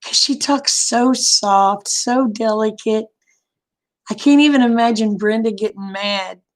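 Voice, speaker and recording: Woman, livestream host, casual storytelling, frank and laughing, fairly high voice. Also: unhurried. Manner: chatty and frank, laughs often, greets viewers by name. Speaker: livestream host chatting with viewers.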